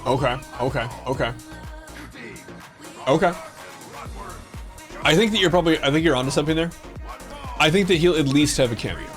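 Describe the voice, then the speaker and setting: A man's voice: fairly high pitch, fairly quick, pauses often, faint music behind. A man hosting a livestream, chatting casually with viewers in a playful, jokey way. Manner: playful, jokey, breaks into silly sung bits. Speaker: livestream host.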